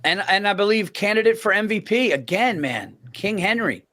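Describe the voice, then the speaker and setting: A man's voice: high voice, lively intonation, moderate pace, pushed and bright. A man co-hosting a casual sports podcast, talking football betting picks in a loose, laughing way. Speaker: podcast co-host.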